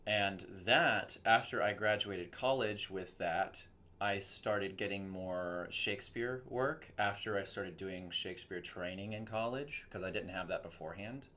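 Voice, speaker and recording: A young man with a deep voice speaks a little slowly. He's a voice actor from Texas, chatting casually as an interview guest and animating his stories by acting out quoted voices.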